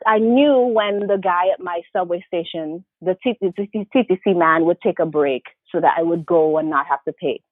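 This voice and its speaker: A woman with a faint Vincentian accent talks through her career as an interview guest, reflective and animated, now and then mimicking others. Her voice sits a little low. The sound is thin and phone-like, with a dry, close feel. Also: normal speed, few pauses, no echo. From Saint Vincent and the Grenadines. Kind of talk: casual interview conversation. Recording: tinny phone-like call audio, dry.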